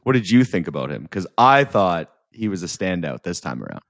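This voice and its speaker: A man's voice: low-pitched, very animated, a little fast, gravelly, a bit bright, no echo. A man with a mid-range voice retells scenes from a movie, rambling, cursing and cracking himself up. He loses his thread now and then and circles back. The recording is close and dry. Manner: rambling, swears, loses his place, laughs at his own retelling. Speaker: podcast co-host. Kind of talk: casual film review chat.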